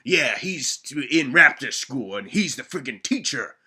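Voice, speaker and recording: A young man giving a casual comedic movie recap, rambling, excitable and swearing. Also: medium pitch, unhurried, slightly rough.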